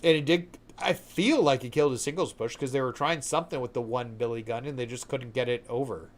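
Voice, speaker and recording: A man's voice: mid-range voice, a little fast. Chatty Canadian man streaming a game. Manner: chatty, answers viewers' chat questions. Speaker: live streamer. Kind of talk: live gameplay commentary.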